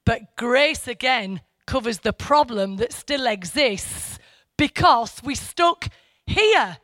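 A man's voice: very high-pitched, lively intonation, slow pace, bright, forceful tone, dry recording, studio quality. Reflective man wrapping up a Bible talk. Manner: reflective, hesitant with fillers. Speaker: church teacher. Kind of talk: informal Bible teaching talk.

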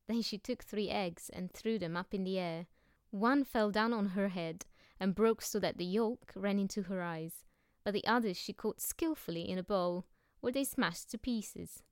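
Smooth-voiced woman reading a children's story. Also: medium pitch, moderate pace, no echo, clean studio sound. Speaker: narrator.

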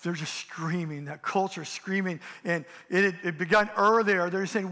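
Guy preaching a fired-up sermon, kinda high voice, long echo like a big sanctuary. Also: steady tone, moderate pace, bright, forceful tone. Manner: impassioned preaching, acts out mocking voices. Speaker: pastor. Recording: long hall reverb.

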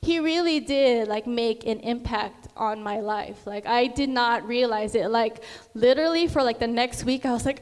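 A woman's voice: fairly high pitch, moderate pace, a little mellow. A young woman sharing a personal faith testimony in a chatty way, full of fillers and acted-out quotes. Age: young adult. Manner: chatty, many fillers, sings and acts out quotes. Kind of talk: casual testimony talk. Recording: long hall reverb.

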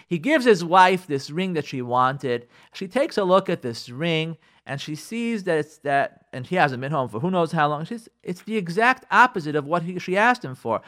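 A man hosting a radio show, spinning a story with plenty of restarts and asides. His voice sits high and swings widely as he takes on each character's lines, so the telling feels lively and animated. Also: moderate pace, hardly any pauses. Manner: animated, acts out quoted dialogue in the stories; rambling, with frequent fillers and restarts.

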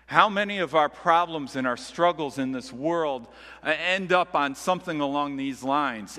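A male pastor delivers a sermon in a conversational, earnest manner. His voice sits a little high and rings bright and forceful. It carries the long reverb of a large hall. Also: normal speed.

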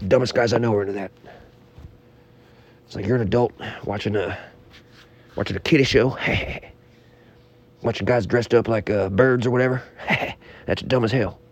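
A man bantering on a comedy podcast, rambling through absurd stories with a deadpan delivery. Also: fairly low pitch, moderate pace, long pauses, slightly rough.

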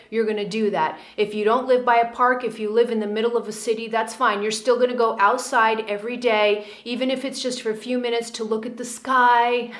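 A woman coaching viewers on calming anxiety, checking in often with "okay?" and laughing lightly between points. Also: a little high, roomy sound. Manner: coaching, with frequent "okay?" and "all right?" check-ins. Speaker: spiritual coach. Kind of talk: direct-to-camera advice video.

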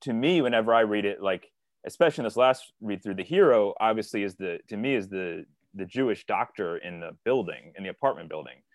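A man's voice: on the low side, no echo, clean studio sound. A man co-hosting a casual literary discussion, talking earnestly and rambling a little as he paraphrases characters. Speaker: co-editor and podcast co-host.

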